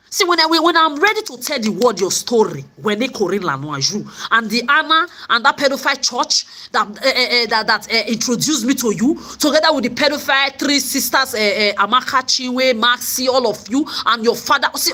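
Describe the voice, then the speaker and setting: A woman's voice: fairly high pitch, sharp tone. A woman vlogger telling her story in an angry, profane rant, often repeating and stumbling over words. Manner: profane, repetitive stammering.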